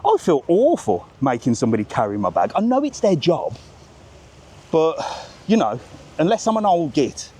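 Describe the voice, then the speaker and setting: A middle-aged man vlogs casually while walking outdoors in a seaside market town, chatting, ranting, and swearing freely. His voice is fairly high and a little mellow, with slight background noise.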